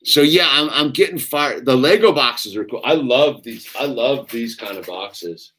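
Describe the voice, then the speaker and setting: A man's voice: medium pitch, lively intonation, a little slow, pushed and bright. A middle-aged man, chatting casually and rambling while building Legos, saying "dude" a lot. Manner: laid-back, rambling, says "dude" a lot. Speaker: vlogger.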